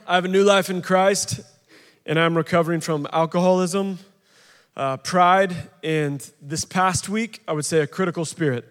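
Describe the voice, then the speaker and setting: A man's voice: high voice, fairly even intonation, moderate pace, a bit bright, clean tone. A man in his thirties giving a casual, humorous testimony at a recovery ministry meeting, chatty and full of fillers. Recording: long reverb of a large hall.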